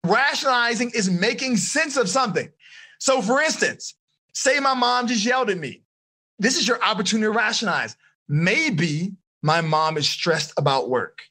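A man coaching teenagers on a video call, energetic and encouraging, quizzing his listeners as he teaches. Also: high voice, normal speed. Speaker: life coach. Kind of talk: live online seminar for teens.

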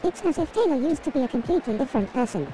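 A woman's voice: high-pitched, animated, very fast, mellow, faint music behind, rough recording. A text-to-speech woman's voice playing chirpy little characters and a news anchor in a life-sim video game. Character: chirpy synthetic game character voice, small cartoon person. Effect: text-to-speech synthesis.

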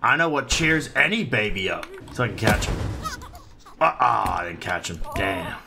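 A man's voice: on the low side, animated, normal speed, vocal fry, background noise. A man giving casual, profane let's-play commentary and teasing the baby in the game. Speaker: gaming channel host.

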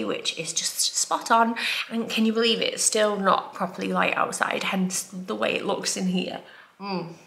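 A mum in her thirties chats casually at home, rambling through her morning makeup routine in a chatty, self-deprecating get-ready-with-me vlog. Her voice is lowish, creaky and sharp-toned, with a little hiss or hum in the background.

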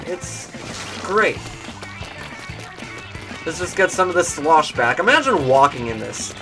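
Goofy high-voiced gameplay commentator man. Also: takes it slowly, over music. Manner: goofy, animated, slips into silly meme voices and shouts. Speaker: gaming YouTuber.

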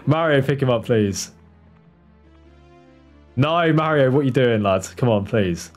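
A man's voice: mid-range voice, unhurried, soft background music. A man livestreaming a game speedrun, chatting to his viewers and urging his character on, swearing when tense. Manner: excitable, swears, talks to the game character and chat. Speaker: speedrun streamer. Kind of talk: live gameplay commentary.

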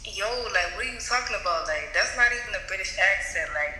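A young American woman with a bright, sharp voice, blunt and sassy, swearing without a second thought. She comes through a video call with a roomy, echoing reverb trailing her words. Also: mid-range voice, animated, brisk, slight background noise. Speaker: stranger on a live video call. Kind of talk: casual chat on a video call.

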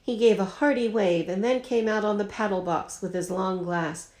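A teacher reading a children's novel aloud at home, lightly voicing the characters. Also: female voice, medium pitch, moderate pace. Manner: expressive, lightly voices the characters. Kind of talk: storybook read-aloud.

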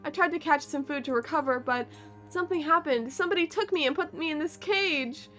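A woman voicing a gentle, tired male pet cat who talks softly and tenderly. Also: sits high, a little fast, faint music behind.

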